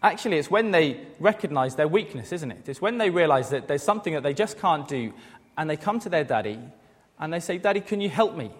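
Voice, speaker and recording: A man's voice: a little high, expressive, brisk, slightly rough. A man in his thirties preaching a sermon, earnest, asking rhetorical questions and acting out quoted voices. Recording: long hall reverb.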